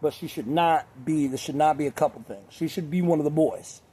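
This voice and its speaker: A young man talking casually to camera in a crude, rambling way, laughing often and mimicking others in high voices. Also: a little fast, warm tone, slightly rough. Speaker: vlogger.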